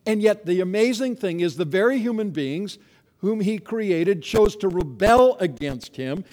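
A man's voice: sits high, a little mellow. Emphatic preacher man in a reverberant hall. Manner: earnest, emphatic preaching with slow stressed phrases. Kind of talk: sermon.

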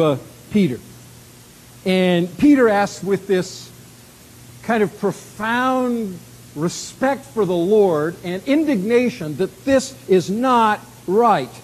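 A man preaching an expository sermon in an emphatic way, with dramatic swings between soft and loud. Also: high-pitched, low-quality recording.

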